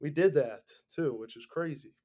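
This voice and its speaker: Brief: male podcast host, sarcastic profane rambler, pitched a bit high. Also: moderate pace, dark tone. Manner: rambling, sarcastic, swears a lot. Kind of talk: casual profane rant.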